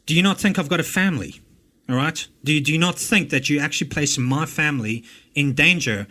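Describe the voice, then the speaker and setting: A man's voice: on the high side, brisk, bright, forceful tone. A South African man hosting a reaction video, ranting angrily and mockingly with lots of swearing. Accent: English-speaking South African. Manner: angry, swearing, mocking rants. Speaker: host reacting to a recording. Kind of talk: profane reaction commentary.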